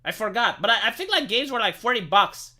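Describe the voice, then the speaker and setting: A man's voice: high voice, very animated, brisk, sharp tone. A man from Romania, ranting casually to his live-stream viewers, swearing freely and stammering over repeated words. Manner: profane, stammering, repeats words when worked up.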